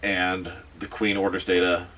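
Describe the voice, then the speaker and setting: Deep-voiced man recapping a movie. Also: far from the mic, a little hiss or hum. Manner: animated retelling, quick asides. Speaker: movie reviewer.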